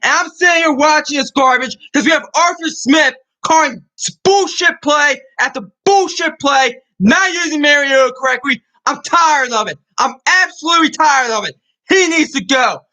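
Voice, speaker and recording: A young man with a very high, bright, piercing voice vents on his sports channel. He rants in fury, swears freely and hammers the same complaints again and again. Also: moderate pace, poor audio. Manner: furious, ranting, swearing, repeats himself. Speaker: sports vlogger. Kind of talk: angry sports rant.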